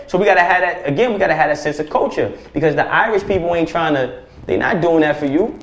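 A man speaking as a podcast guest, preaching forcefully with profanity and rhetorical questions. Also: high-pitched, animated, fast. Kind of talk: impassioned podcast conversation. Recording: roomy echo.

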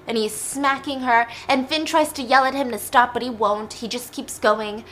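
A woman's voice: a little high, moderate pace, fairly bright tone, a little hiss or hum. A young woman casually retelling a film plot in a chatty way, with lots of like and you know. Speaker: storyteller.

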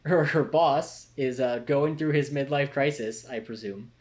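A man co-hosting a casual recap podcast, relaxed as he sums up the plot. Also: mid-range voice, measured pace. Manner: relaxed storyteller, summarizes plot. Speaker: podcast co-host. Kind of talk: casual chat.

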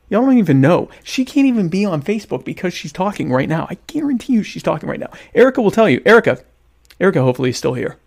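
This livestream host has a high, sing-song voice with a darkish tone and vocal fry, and he talks quickly. Sitting down to a meal at home, he teases his viewers and mocks himself in casual comedic chat.

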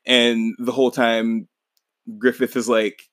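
A man's voice: mid-range voice, level tone, slow pace, a bit bright, no echo. A man hosting a podcast, casually recapping a manga in a rambling, laid-back way, swearing and laughing along. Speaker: podcast host.

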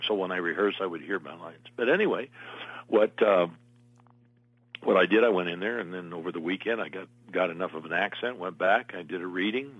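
A man's voice: low-pitched, slightly rough, dry recording, phone-quality sound. An older man, an actor, telling long meandering stories as an interview guest. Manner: meandering anecdotal storyteller. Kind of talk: casual interview storytelling.

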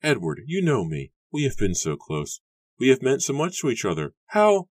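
A man's voice: mid-range voice, huge pitch swings, moderate pace, slightly rough, no echo, studio quality, pitched above the performer's own voice. A man voicing a frightened young woman accused of witchcraft, speaking in an eager, pleading whisper.

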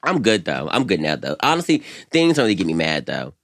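A young man co-hosting a podcast, chatting casually and sassily, saying "girl" at every turn and laughing loudly. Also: deep voice, huge pitch swings, quick pace, slight background noise. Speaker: podcast co-host. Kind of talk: casual chat.

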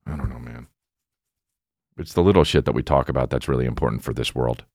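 A man in his thirties, a comedian telling a rambling, profane story in casual chat, mumbling low one moment and shouting the next. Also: quick pace, no echo, clean studio sound. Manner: profane, animated, swings between mumbling and shouting.

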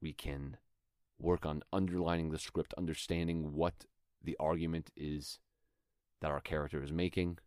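Very deep-voiced man teaching acting. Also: little pitch movement, normal speed, darkish tone, clean tone, no echo, studio quality. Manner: thoughtful, conversational, demonstrates lines aloud. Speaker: acting coach podcast host. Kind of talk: instructional talk.

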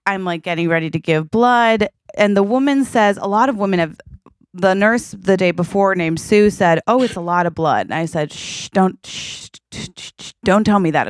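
A woman in her thirties co-hosts a casual podcast, telling stories animatedly and acting out the people in them. Her voice sits at an ordinary middle pitch. The recording is close and dry. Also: no echo. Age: 30s. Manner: animated storyteller, acts out her own lines, peppers talk with "okay?" and "like". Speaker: podcast co-host.

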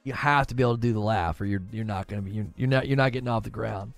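A man's voice: lowish voice, very fast, gravelly, dry recording, faint music behind. A man hosting a gaming news show, rambling in casual chat and answering viewers' questions.

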